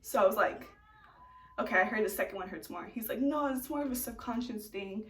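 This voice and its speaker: A woman's voice: mid-range voice, expressive, brisk, slight background noise. A young woman telling a casual storytime vlog, chatty, laughing often and filling her talk with "like". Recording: echoey room, distant from mic.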